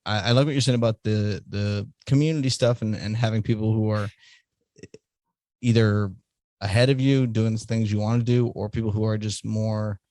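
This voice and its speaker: A man's voice: fairly low pitch, fairly even intonation, moderate pace, a little mellow. A man hosting a podcast, chatting casually in a blunt, teasing way and swearing freely. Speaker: podcast host.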